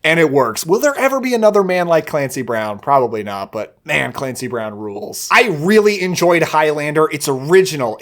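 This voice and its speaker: A young man hosting a film review channel, talking casually and enthusiastically about movies he recommends, gushing in quick bursts. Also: medium pitch, fairly bright tone.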